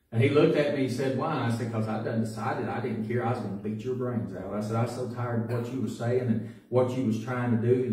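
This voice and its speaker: Preacher, echoey church from afar. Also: male voice, medium pitch. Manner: folksy storytelling that builds to loud preaching. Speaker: pastor. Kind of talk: sermon. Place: church sanctuary. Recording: echoey church recording from a distance.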